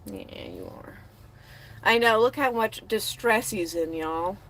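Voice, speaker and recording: A woman's voice: mid-range voice, wildly swooping pitch, slow pace, background noise. A young woman from the United States chatting sarcastically to her livestream chat and cooing at her dog, filmed on a phone inside her van. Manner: sarcastic, talks back to chat.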